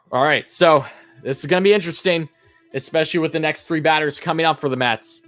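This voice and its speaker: A man doing live play-by-play fan commentary, chatting with his viewers and swinging between calm pitch calls and loud outbursts. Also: normal speed, dry recording, soft background music.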